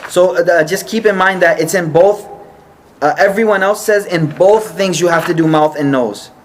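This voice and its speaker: High-voiced man teaching a study class. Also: slight background noise. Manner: explains patiently, checks the group often, slows for key points. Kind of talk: informal religious study class.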